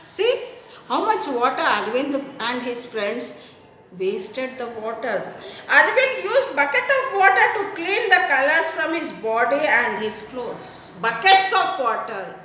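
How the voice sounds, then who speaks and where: A woman teaches a science class in a high, bright voice. She repeats key points and drops rhetorical questions to the pupils. The room is very echoey, with a faint hiss behind her. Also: big pitch swings, slow pace. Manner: repeats points, asks rhetorical questions, often adds "isn't it?". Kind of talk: classroom lesson explanation.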